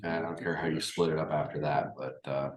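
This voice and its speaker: A man's voice: a bass voice, little pitch movement, fairly quick. A man running a tabletop game as game master, explaining plainly in casual chat with some swearing. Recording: echoey room.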